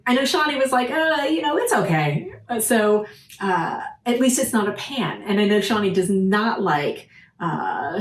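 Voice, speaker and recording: A woman chatting casually to her viewers about her reading week, animated and full of restarts. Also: medium pitch, roomy sound, a little hiss or hum, poor audio. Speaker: book vlogger. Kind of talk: casual chat to camera.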